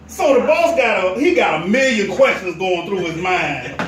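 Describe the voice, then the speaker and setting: A man preaching a sermon as pastor, telling a story with animated delivery. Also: high-pitched, normal speed, crowd noise. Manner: animated storyteller, drops to a hush for quoted whispers. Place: church sanctuary. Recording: echoey church from a distance, faint noise.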